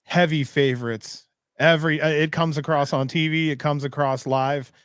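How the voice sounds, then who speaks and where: A man with a somewhat high voice chats on a podcast, laughing easily and rambling through long questions. His sound is dry and close. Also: steady tone, normal speed, smooth, no room sound. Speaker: podcast guest. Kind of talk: casual podcast chat.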